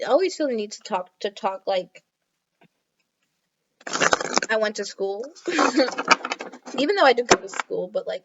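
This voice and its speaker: A woman's voice: a little high, heavy background noise. A woman doing a casual tarot reading to camera, reading card texts aloud and chatting with many fillers. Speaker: tarot reader. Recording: dull lo-fi audio.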